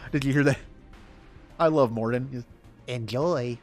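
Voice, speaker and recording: A man's voice: mid-range voice, normal speed, darkish tone, faint music behind. A man chatting casually over gameplay, rambling and poking fun at himself. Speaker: gaming streamer. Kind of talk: casual let's-play commentary.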